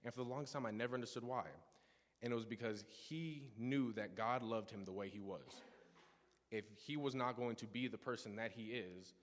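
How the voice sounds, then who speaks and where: A young man in his teens, speaking at normal speed in a mid-range voice, offers an earnest testimony at a church service. He often restarts and drifts into asides as he tells his stories, with long reverb filling the sanctuary.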